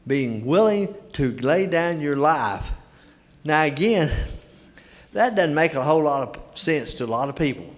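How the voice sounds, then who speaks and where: A man's voice: a little high, lively intonation, measured pace. An older man preaching a sermon in a church, telling stories in a folksy way and repeating key words for emphasis. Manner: folksy storytelling, emphatic repetition. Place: church sanctuary. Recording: long reverb of a church hall.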